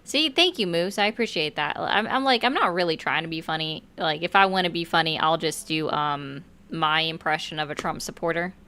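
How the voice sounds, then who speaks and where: A woman's voice: sits low, lively intonation, a little fast, hardly any pauses, pushed and bright, smooth. A woman hosting a casual group chat on a live stream, chatty and jokey, trailing off with fillers.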